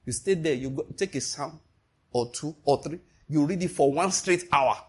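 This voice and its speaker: A man preaching a sermon, animated and emphatic, asking his listeners one rhetorical question after another. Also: fairly high pitch, moderate pace, breathy edge.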